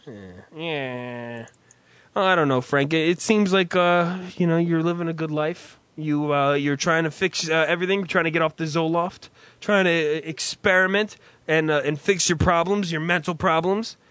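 A man's voice: a little high, steady tone, moderate pace, fairly bright tone, clean tone, dry recording. A man hosting a casual comedic chat, swearing freely and rambling through his stories. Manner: profane, rambling.

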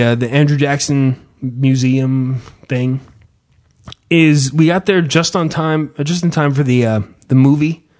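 A man's voice: mid-range voice, darkish tone. A man telling a sarcastic, profanity-laced comedic story in casual podcast chat.

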